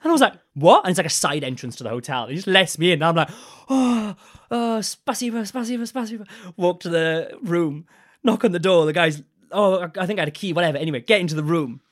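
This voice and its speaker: Animated young man telling a story. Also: a little high, fast. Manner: animated storyteller, swearing and laughing. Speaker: podcast guest. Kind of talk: casual storytelling.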